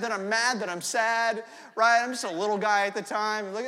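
Animated young male preacher in a hall. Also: high voice, a little fast. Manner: animated, storytelling, frequent "right?" asides. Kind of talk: sermon. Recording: long hall reverb.

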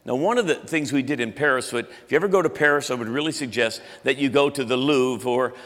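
A man's voice: medium pitch, quick pace, a bit bright, in a large hall. A man in his fifties preaching a sermon as pastor, in a loose, chatty way, often restarting his sentences. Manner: conversational, self-interrupting, frequent restarts.

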